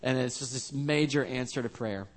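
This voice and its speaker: A man's voice: medium pitch, normal speed. A man preaching a sermon as a pastor, earnest and conversational, with frequent restarts.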